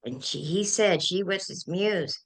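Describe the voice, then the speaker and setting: An older woman, a guest on a talk show, telling animated and emotional stories. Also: on the low side, unhurried. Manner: animated, emotional storyteller who gets carried away. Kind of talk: anecdotal storytelling in a chat.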